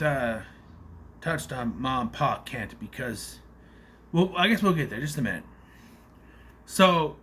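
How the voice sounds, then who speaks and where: A man's voice: fairly high pitch, sharp tone, slight background noise. A man giving a casual, rambling spoiler review of a movie, nitpicking in an exasperated way with plenty of fillers.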